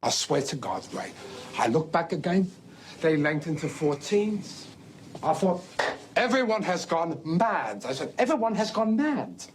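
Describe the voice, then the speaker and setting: A rowdy English bloke spinning a yarn about the dog races, chuckling as he goes. His voice sits a little high. Faint background hiss runs under the clip. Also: sing-song, a little slow. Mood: gleeful storytelling. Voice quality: chatty, laughing storyteller. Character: boisterous English man spinning a gambling yarn. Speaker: actor in a film clip.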